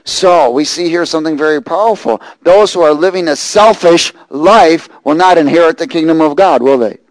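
A man preaching a sermon, reading scripture and telling a lively personal story. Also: on the high side, moderate pace, no room sound, poor audio. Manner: animated storytelling, rising to shouts and laughter.

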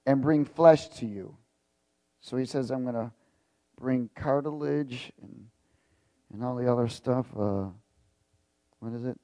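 Male preacher, sermon, slow deliberate delivery, dry close sound, quizzes the congregation. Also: mid-range voice, warm tone, no room sound. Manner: reads scripture aloud, stops to quiz the congregation; emphatic, repeats key words. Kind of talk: sermon with call-and-response.

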